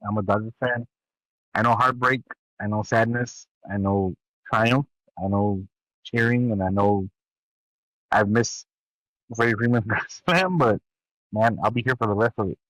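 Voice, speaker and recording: A man's voice: on the low side, measured pace, pauses often, a bit bright, dry recording, low-quality recording. A man in a casual podcast chat, easygoing, laughing often and saying "bro.".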